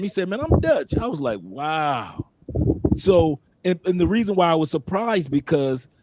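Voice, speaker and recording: Animated man, slightly higher voice. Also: dry recording. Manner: animated storyteller, many restarts. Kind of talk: casual live-stream chat. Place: living abroad, talking from home.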